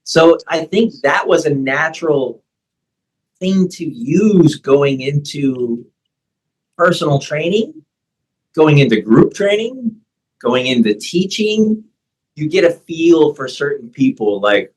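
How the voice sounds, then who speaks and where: A middle-aged man, a personal trainer, talking in a conversational interview and acting out coaching lines with animated delivery. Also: mid-range voice, a little slow, rough recording. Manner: animated, acts out coaching voices. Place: Thailand.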